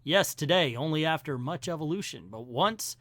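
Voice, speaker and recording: A man voicing a pompous alien leader in a booming, stagey cartoon-villain voice. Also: lively intonation, moderate pace, a bit bright, no room sound, clean studio sound. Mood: solemn. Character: pompous male alien leader, imperious and old-fashioned.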